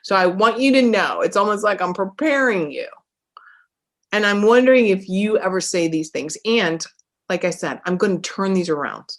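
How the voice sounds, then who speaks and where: A woman's voice: medium pitch, expressive, normal speed. A woman life coach hosting her own podcast, talking energetically and emphatically, repeating phrases for effect in a motivational monologue.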